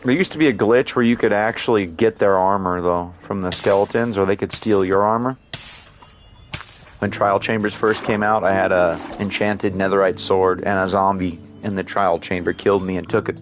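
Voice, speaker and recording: A man's voice: low voice, steady tone, moderate pace, noisy background. A man rambling through casual gameplay commentary, full of "like" and mild swearing. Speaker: gaming streamer.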